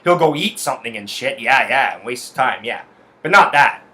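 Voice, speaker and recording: A man's voice: mid-range voice, lively intonation, moderate pace, bright, forceful tone. A man hosting a solo podcast, telling a story in a heated, profane rant full of swearing. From Canada. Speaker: podcast host. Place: his house.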